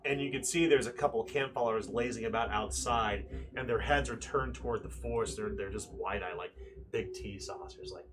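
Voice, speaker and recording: A man's voice: on the low side, fairly quick, heavy background noise. A man narrating a tabletop game as game master, describing scenes vividly.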